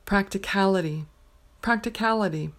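A woman teaching pronunciation, slowly reading a numbered word list and saying each word twice with careful clarity. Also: mid-range voice. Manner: says each word twice, clearly and deliberately. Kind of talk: slow dictation of a word list.

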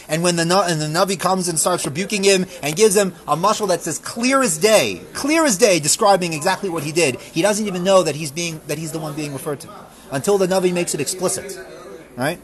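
A man teaching a Torah lesson, reading verses aloud and explaining them with fervent emphasis that falls back to quiet reflection. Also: high-pitched, brisk. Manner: reads verses aloud, then translates and explains. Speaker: rabbi teaching a class.

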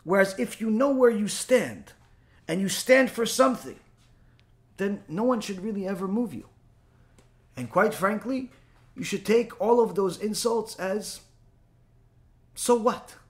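A man giving a spoken religious lesson as a teacher, animated and full of rhetorical questions and mock back-and-forth dialogue. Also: sits high, measured pace, pauses often.

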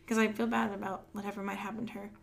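A young adult woman co-hosting a casual podcast, recapping with quick acted-out quotes and frequent laughter. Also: medium pitch, level tone, creaky. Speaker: podcast co-host. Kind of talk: casual chat.

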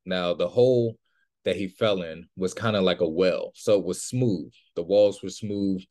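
A man hosting a podcast, telling a parable in a relaxed monologue and acting out the quoted lines. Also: low-pitched, unhurried. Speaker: podcast host. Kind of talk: storytelling monologue.

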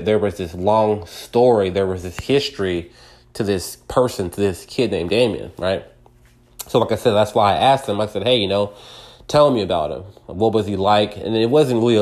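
A man's voice: lowish voice, a little mellow. A man telling a personal story in a rambling, conversational way, full of fillers and restarts, acting out what people said. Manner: rambling, many fillers and restarts, acts out quoted voices. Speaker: podcast host.

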